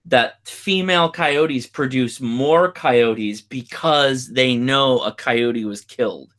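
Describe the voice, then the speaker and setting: A man hosting a casual podcast chat, telling stories in an animated, excitable way. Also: mid-range voice, takes it slowly. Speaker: podcast host.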